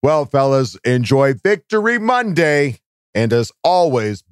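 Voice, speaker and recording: A man hosting a casual podcast, excitable and profane, in hyped fan banter. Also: mid-range voice, measured pace, smooth, dry recording, studio quality. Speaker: podcast host. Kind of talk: casual chat.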